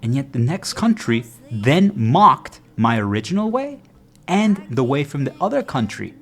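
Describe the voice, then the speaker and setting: A man's voice: sing-song, unhurried, a bit bright, faint music behind. A man giving a motivational talk to his viewers, earnest, often asking if they follow, and jumping into quoted voices. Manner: earnest, repeatedly checking the audience follows; acts out quoted voices with sudden pitch jumps. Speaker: motivational speaker.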